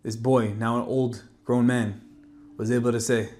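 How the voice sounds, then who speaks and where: A man delivers a Torah talk as a dramatic story. His delivery swings between forceful emphasis and quiet, hushed passages. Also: medium pitch, little pitch movement, unhurried, hardly any pauses, faint music behind. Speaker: speaker giving a Torah talk. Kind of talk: emotional storytelling sermon.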